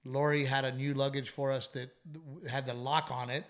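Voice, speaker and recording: A man, hosting a comedy podcast, who tells stories animatedly and swears casually. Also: medium pitch. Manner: animated storytelling, frequent swearing, quick asides. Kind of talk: casual chat.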